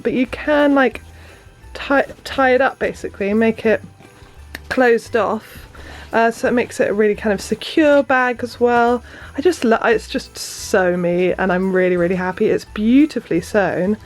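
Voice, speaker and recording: A woman and new mother chatting casually in her vlog, bubbly and gushing, slipping into sing-song baby talk. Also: fairly high pitch.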